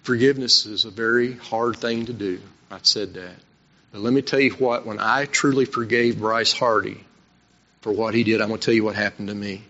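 A man's voice: on the low side, steady tone, normal speed, pushed and bright. A man preaching a sermon, telling his own story earnestly and with emphasis. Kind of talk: sermon with personal testimony. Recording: dull lo-fi recording.

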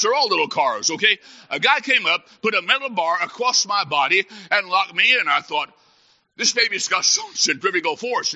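A male Baptist preacher with a high, piercingly bright voice delivers a comic sermon, swinging from shouted mock excitement to soft earnest appeals. The recording sounds dull and lo-fi. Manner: animated storytelling, mock excitement, drops to soft earnest tones. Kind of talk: humorous sermon.

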